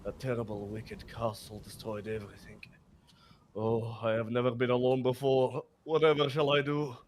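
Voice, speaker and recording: A man's voice: mid-range voice, flat delivery, moderate pace, slight background noise, pitched below the performer's own voice, lightly acted. A man voicing a sheltered, fanciful young noblewoman writing her diary, with a put-on Scottish accent and a prim, melodramatic reading manner. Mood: forlorn. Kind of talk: reading aloud in character.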